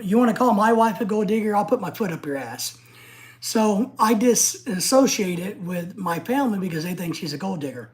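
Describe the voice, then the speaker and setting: A middle-aged woman from the United States hosting a casual livestream, ranting in an excitable, blunt and profane way. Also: mid-range voice. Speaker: livestream host.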